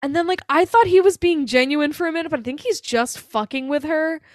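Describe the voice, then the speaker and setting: A woman co-hosting a casual podcast, recapping a film in lively chat and acting out lines with laughs and swearing. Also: high voice, fairly quick, dry recording, studio quality. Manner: animated, swears, acts out quotes with laughs. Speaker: podcast co-host.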